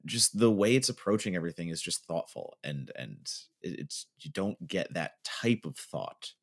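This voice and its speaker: A man's voice: deep voice, very animated, normal speed, vocal fry. A man co-hosting a podcast, talking in a rambling, casual way with lots of fillers. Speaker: podcast host.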